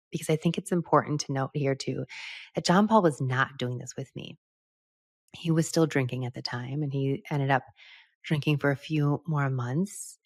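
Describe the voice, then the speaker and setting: Low-voiced woman sharing a personal story. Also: no room sound, clean studio sound. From United States. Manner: candid, reflective, laughs often. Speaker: podcast host.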